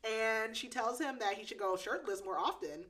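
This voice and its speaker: A woman's voice: fairly high pitch, animated, normal speed, a bit bright. A woman hosting a podcast, casually recapping a romance novel with lots of "like" and frequent giggles. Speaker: podcast host. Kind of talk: casual book recap chat.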